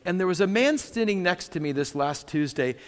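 Pastor, man, conversational sermon delivery with slow scripture reading, in a reverberant church hall. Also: high voice, animated. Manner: conversational storytelling, scripture read slowly. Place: church sanctuary.

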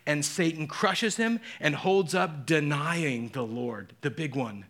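A man's voice: a little high, takes it slowly, hardly any pauses, fairly bright tone. A middle-aged male pastor preaching a sermon, telling the story dramatically and acting out the voices in quotes.

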